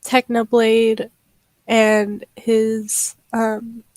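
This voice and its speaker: A young woman streamer chatting casually and haltingly, with many fillers. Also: on the high side, completely flat delivery, a little mellow, dry recording. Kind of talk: casual livestream chat.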